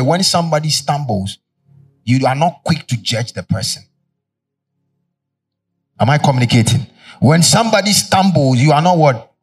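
A Ghanaian man preaches with a husky, somewhat breathy voice, picked up from a little way off the microphone. He drives the sermon with call-and-response, tossing half-finished questions to the congregation. Soft music runs faintly underneath. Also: fairly high pitch, far from the mic. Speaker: pastor.

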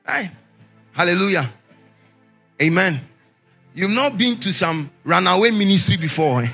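A man preaching a sermon as pastor, raising his voice in shouted, singsong lines and asking the congregation questions for them to answer. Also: high voice, lively intonation, unhurried, gravelly, long pauses, faint music behind. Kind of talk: call-and-response sermon.

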